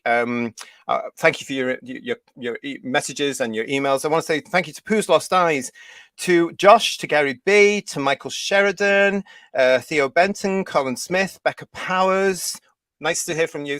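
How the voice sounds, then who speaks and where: A man's voice: fairly high pitch, a bit bright, no room sound. Teasing British man hosting a live show. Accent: British English. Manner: teasing, sarcastic, laughs often. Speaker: host. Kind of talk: livestream panel chat.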